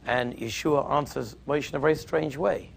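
A man giving a Torah lecture as a teacher, an emphatic and animated storyteller. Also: medium pitch, moderate pace, gravelly, slight background noise.

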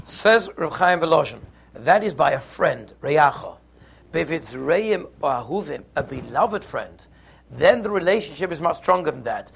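A man teaching a Torah class, lively and conversational, who acts out little scenes in voices. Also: a little high, moderate pace, creaky, slight background noise. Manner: animated, acts out the quarrel in put-on voices.

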